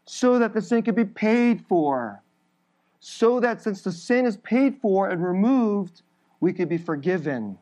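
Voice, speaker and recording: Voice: mid-range voice, darkish tone. Emphatic preacher delivering a sermon. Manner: emphatic, with frequent short laughs between points; builds through repeated phrases.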